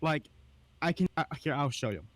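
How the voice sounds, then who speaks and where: A man with a youthful, slightly high voice hosts a relaxed podcast. He talks in a halting way, full of fillers and restarts. The sound is dry and close, with no room around it. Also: dry recording. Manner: hesitant, many fillers. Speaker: podcast host. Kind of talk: casual chat.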